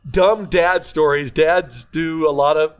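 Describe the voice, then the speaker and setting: An older man, a grandfather, spins stories with a bit of a higher voice for a man and plenty of animation. He laughs often and keeps the chat casual and lively as he co-hosts. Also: slow, clear, resonant tone. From California. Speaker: podcast co-host.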